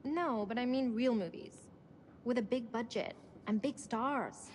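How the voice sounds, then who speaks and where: A woman's voice: on the high side, a little slow, a little mellow, slight background noise, lightly acted. An actress playing a tentative young woman on a film crew, speaking apologetically with a British accent.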